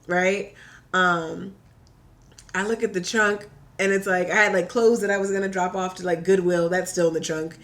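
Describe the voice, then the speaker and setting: Animated woman telling a story. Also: lowish voice, normal speed. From Hampton Roads, Virginia. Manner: animated storyteller, acts out quoted voices. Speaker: podcast guest. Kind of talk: casual chat.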